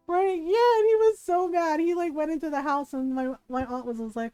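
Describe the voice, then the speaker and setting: Woman streamer, casual storytelling, laughs a lot, dry close sound, soft music underneath. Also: very high-pitched, a little fast, hardly any pauses, dry recording. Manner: chatty, laughs often, animated retelling. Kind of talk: casual storytelling while gaming. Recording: dry close mic with faint game music.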